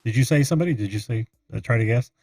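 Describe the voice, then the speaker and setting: Relaxed male host on a call. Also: mid-range voice, racing, breathy edge, faint music behind. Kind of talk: casual chat. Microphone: video call. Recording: distant mic on a video call.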